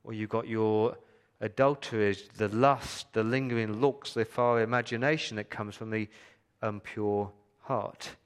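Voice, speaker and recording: Man preaching with dramatic loud-soft swings. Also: on the low side, steady tone, a little slow, clear, resonant tone. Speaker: pastor. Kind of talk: sermon.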